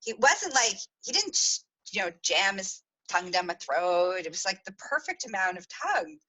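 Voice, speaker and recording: This woman hosts a podcast and tells a confessional story in a loose, rambling way, laughing between thoughts. Her voice is bright, with a lively, swinging pitch. She talks casually, with plenty of fillers and restarts. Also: breathy edge, low-quality recording. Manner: chatty, giggly storytelling with frequent laughs. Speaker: podcast host.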